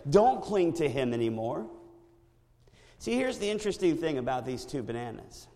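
A male pastor preaching a sermon in a church, animated and storytelling with impressions. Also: on the high side, moderate pace, big-room sound.

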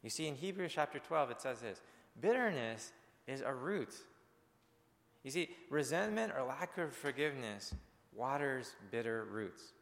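A man's voice: medium pitch, animated, normal speed, vocal fry, a bit bright, big-room sound. A male pastor preaching a sermon in an earnest, conversational way, speaking directly to his congregation.

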